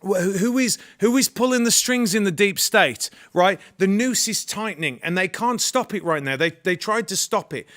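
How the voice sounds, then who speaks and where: A man's voice: sits high, expressive, normal speed, few pauses, fairly bright tone. A British man co-hosting a political talk show, speaking in an emphatic, rallying way. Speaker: co-host. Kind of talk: political commentary chat.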